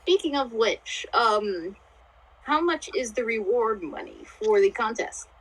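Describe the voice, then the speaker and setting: Female tabletop player, lively, husky, slightly high. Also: slow pace, low-quality recording. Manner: lively, says she's unintentionally loud. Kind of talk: tabletop game chat.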